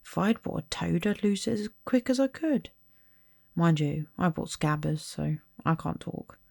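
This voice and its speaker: A woman's voice: on the low side, animated, measured pace, creaky, a little mellow, no echo, clean studio sound, heavily acted. A woman voicing a cheeky, chatty young schoolboy in a read-aloud storybook. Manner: chatty, blunt.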